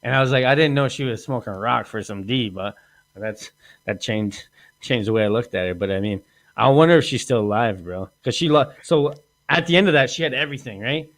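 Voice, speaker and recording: Man, podcast host, rambling crude storytelling, laughs a lot, mid pitch. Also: fairly quick, fairly bright tone. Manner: rambling, laughs often, acts out quoted lines.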